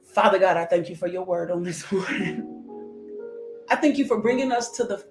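A woman preaching a sermon with a personal testimony, animated and calling out with bursts of praise. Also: fairly low pitch, moderate pace. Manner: animated, shouting "woo", laughing. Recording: echoey room with music behind.

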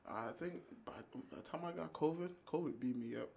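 A young man from Ghana, a college athlete, chatting casually as a podcast guest in a laid-back, slangy, halting way. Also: a little high, vocal fry, darkish tone. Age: young adult.

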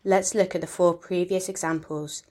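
A woman giving a calm, measured instructional narration, explaining ideas step by step. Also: lowish voice.

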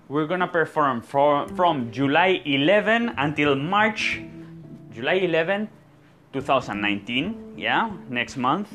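A man's voice: a little high, a bit bright. A man, a stage actor, chatting casually to his viewers, often repeating words and ending phrases with a questioning "yeah?". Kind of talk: casual vlog chat.

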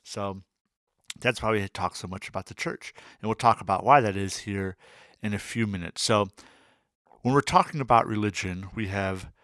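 A man's voice: fairly low pitch, moderate pace, a bit bright, no echo, studio quality. A man co-hosting an educational podcast, explaining history in a loose, chatty way with lots of fillers and asides. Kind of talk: casual educational chat.

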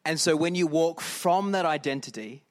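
A man's voice: a little high, moderate pace. A middle-aged man preaching a conversational sermon as pastor and leading prayer.

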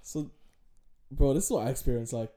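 Mellow young man, slangy chat. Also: medium pitch, fairly quick. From Manchester, England. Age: young adult. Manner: slangy, laughs often, says bro a lot. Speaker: guest, host's brother. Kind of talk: casual chat.

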